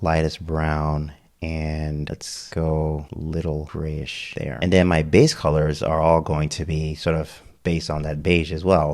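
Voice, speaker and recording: A man's voice: extremely low pitch, a little mellow. A man walking through a website builder step by step in a casual screen-recorded tutorial, checking in with "okay?" as he goes. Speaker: web design tutor.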